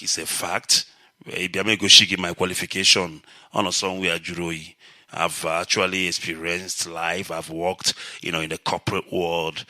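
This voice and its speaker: A man with a Nigerian accent hosting a live radio call-in show, talking in a measured, lecturing way. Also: sits low, creaky, no echo. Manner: measured, lecturing, rises to animated shouting when telling stories. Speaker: radio host.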